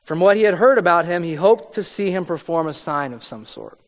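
A man's voice: high-pitched, lively intonation, brisk. A man preaching a conversational sermon, reading scripture and explaining it, sometimes acting out the people in the story. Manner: conversational preaching, acts out voices with rising intensity. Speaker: pastor. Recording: long hall reverb.

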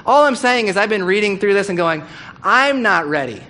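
A man's voice: sits high, moderate pace. Candid, conversational pastor man preaching. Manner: conversational, candid, animated with asides. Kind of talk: sermon. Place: church hall.

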